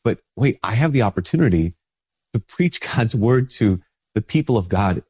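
Priest, low husky voice, stuffed up from a cold, chatty and informal. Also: male voice, expressive, normal speed, mellow. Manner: conversational, informal, with many restarts and "like". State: sick with a stuffy nose. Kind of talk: casual spoken reflection.

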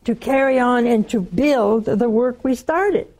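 Southern woman preacher, older, slow and mellow, animated storyteller who hushes for quotes. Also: on the high side. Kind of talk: sermon.

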